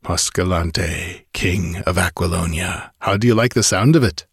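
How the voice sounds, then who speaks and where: A man's voice: low voice, moderate pace, vocal fry, husky, dry recording, clean studio sound, heavily acted. A man reading an audiobook, voicing a cold, ambitious outlaw who sneers and gives orders. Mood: scheming. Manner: sneering, imperious threats. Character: scheming ambitious male outlaw noble, cold and commanding.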